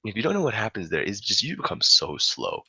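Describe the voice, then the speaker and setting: A young man with a low, husky voice tells a rowdy party story to friends, his pitch leaping around as he builds the jokes. His tone is bright and cutting, and the sound is dry and close. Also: fairly quick, no room sound. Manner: animated, profane, laughs often. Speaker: storyteller on a podcast. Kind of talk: casual storytelling among friends.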